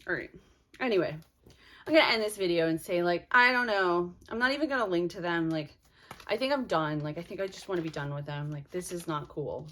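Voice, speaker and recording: A woman's voice: lowish voice, fairly quick, a bit bright, slight background noise. A young woman reviewing a clothing subscription box in a casual unboxing vlog, talking in a frustrated, rambling way with many "like"s. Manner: frustrated, fills talk with "like".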